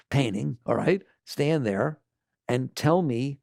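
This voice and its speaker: An older man giving an animated spiritual talk to an audience, asking rhetorical questions and acting out quoted voices. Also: mid-range voice, takes it slowly, gravelly, no echo, studio quality. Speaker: spiritual teacher.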